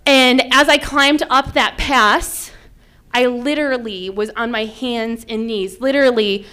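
A woman in her thirties from upstate New York, telling a personal story with lively acted-out quotes. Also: fairly high pitch, a little slow, clear, resonant tone. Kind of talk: personal story told to an audience.

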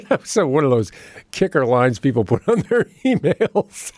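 A man's voice: mid-range voice, huge pitch swings, slow pace, a little mellow, dry recording. Chuckling radio call-in host, man. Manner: friendly, chuckling, conversational.

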